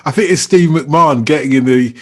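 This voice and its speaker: A man's voice: a little high, fairly quick, a bit bright. A man hosting a podcast, explaining at length and laughing easily. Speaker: podcast host. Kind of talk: casual chat.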